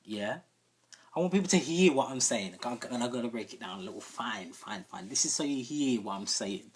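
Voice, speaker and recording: A sound system host on a live stream speaks in a husky, expressive, medium-pitched voice at a moderate pace. He tells a long story conversationally, often checking whether listeners are following him.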